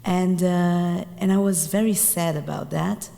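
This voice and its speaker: A woman's voice: lowish voice, steady tone, a little slow, vocal fry, mellow. Hesitant woman in a reverberant hall. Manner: hesitant, searching for words. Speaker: visiting rabbi. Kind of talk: informal remarks at a service. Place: large synagogue sanctuary. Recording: long reverb in a large hall.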